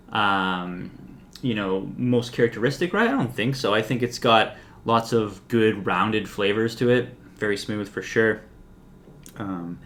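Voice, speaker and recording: A man hosting a whiskey review, talking casually and relaxedly with lots of "like" and "um" fillers. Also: on the low side.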